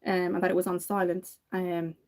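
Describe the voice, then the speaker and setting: Irish woman, thirties, makeup vlogger, casual storytelling chat, warm mellow voice. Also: on the low side, flat delivery, brisk. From Ireland. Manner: chatty storytelling, laughs often.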